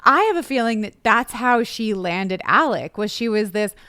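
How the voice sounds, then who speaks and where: A woman's voice: medium pitch, normal speed, no echo. A woman co-hosting a podcast, chatting casually and animatedly about celebrity gossip, with frequent "like"s. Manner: chatty, animated, says "like" often. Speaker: podcast co-host.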